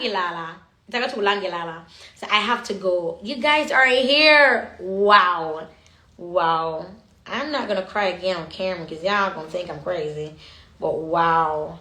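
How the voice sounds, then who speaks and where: A woman's voice: fairly high pitch, sharp tone. A woman with a Jamaican accent hosting a casual livestream, chatting to her viewers and slipping in and out of patois, recorded on a phone in an echoey room. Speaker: livestream host.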